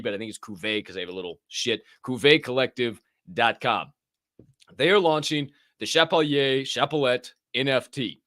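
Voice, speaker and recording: A young American man runs through crypto news in a loose, swearing, joking way. His pitch swings widely as he gets worked up. The sound is close and dry, with no room behind him. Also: dry recording. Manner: animated, profane, jokey, bursts of shouting. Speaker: podcast host. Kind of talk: casual crypto news chat.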